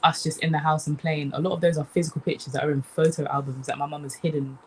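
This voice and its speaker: A young woman from the UK, a comedian chatting casually in an interview, animated and relaxed, often saying "man". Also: low voice, fast, slight background noise. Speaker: comedian guest.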